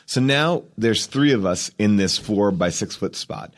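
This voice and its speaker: A man who is a podcast guest, telling anecdotes in a lively, animated way and acting out the dialogue. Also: fairly low pitch, measured pace. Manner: animated storyteller, acts out dialogue.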